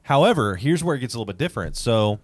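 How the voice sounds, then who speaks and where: A man's voice: mid-range voice, very animated, racing, no room sound. A man co-hosting a casual podcast chat, reading out news stories with stumbles and restarts. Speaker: podcast co-host.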